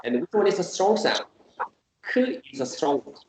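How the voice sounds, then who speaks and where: A man teaching Korean in an online class, explaining slowly and patiently and repeating example sounds. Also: on the high side, big pitch swings, a little mellow. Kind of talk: online language lesson. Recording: echoey room with faint noise.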